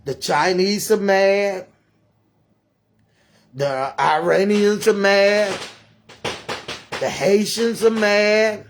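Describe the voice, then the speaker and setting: Comedy monologue: man playing an upset, preachy old granny, high-pitched and unhurried, scolding like a sermon. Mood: indignant. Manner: ranting, scolding. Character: grandmother, older woman, preachy and upset. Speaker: storyteller.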